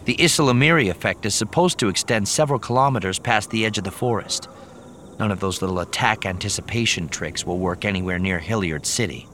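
A man voicing a sharp-tongued young woman smuggler who speaks in scornful, clipped protests. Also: lowish voice, fairly quick, a little hiss or hum, pitched above the performer's own voice, lightly acted. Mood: sour.

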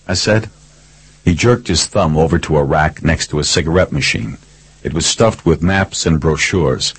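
A man narrating a first-person thriller audiobook in a steady, terse way. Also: low voice, husky, dry recording, poor audio.

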